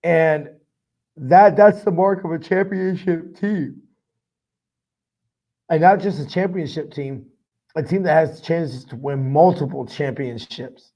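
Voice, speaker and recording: A man's voice: on the high side, slow pace, pauses often, warm tone. A man hosting a fan sports podcast, fired up, profane and rambling with lots of "I mean". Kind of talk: casual fan commentary.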